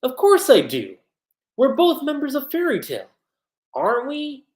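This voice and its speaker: A man's voice: very high-pitched, huge pitch swings, measured pace, pitched above the performer's own voice, heavily acted. A man reading as an old caring guild master. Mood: earnest. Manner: earnest, reading quoted lines. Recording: roomy echoey room.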